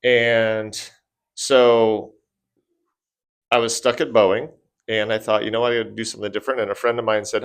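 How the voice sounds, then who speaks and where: A man's voice: lowish voice, flat delivery, normal speed, pauses often, clear, resonant tone. A financial advisor telling a group his personal story in a conversational way, with fillers. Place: event room with an audience.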